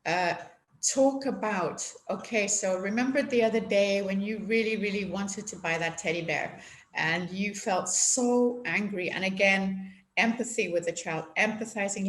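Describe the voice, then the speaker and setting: A woman guest giving gentle, explanatory parenting advice in a conversational interview. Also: medium pitch. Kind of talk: conversational advice on video call. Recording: echoey room with faint noise.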